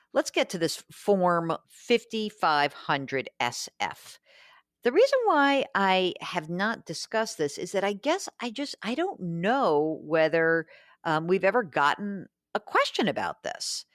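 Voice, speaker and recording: A woman's voice: fairly low pitch, very animated, slow, no room sound, studio quality. A woman hosting a radio call-in show about money, chatty and thinking aloud as she answers listener questions.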